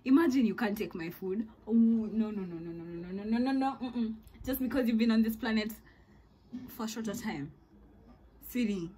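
Animated Kenyan young woman vlogger. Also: medium pitch, slightly rough, low-quality recording. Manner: animated and dramatic, mixing in Swahili slang. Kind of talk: storytime monologue.

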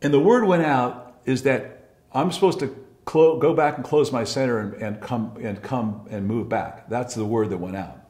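A man's voice: medium pitch, normal speed, darkish tone. An older man telling a story from his past in a blunt, profane way, often restarting his sentences. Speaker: interviewee recalling past. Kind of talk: candid storytelling. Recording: roomy echo.

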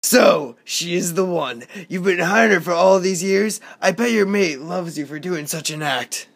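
A sneering male villain with a husky, gravelly voice, drawing out every taunt at an old rival, as a man plays him. The take is dry and close to the mic. It is an amateur audition. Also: on the high side, no room sound. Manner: mocking, drawn-out taunts. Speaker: audition actor.

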